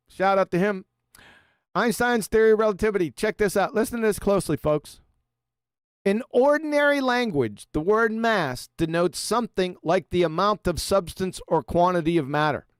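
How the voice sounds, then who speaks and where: A man's voice: sits high, clear, resonant tone, dry recording, studio quality. A man hosting a live stream discussion, reading quotes aloud and mocking them with sarcastic asides. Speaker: host.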